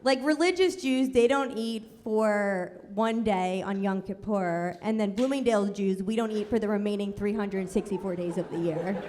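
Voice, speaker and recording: A woman's voice: medium pitch, moderate pace, hardly any pauses, darkish tone. A woman from New York doing a sarcastic, self-deprecating stand-up set on a club stage. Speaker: stand-up comedian. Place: comedy club stage, audience laughing. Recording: live club recording, long reverb, audible noise.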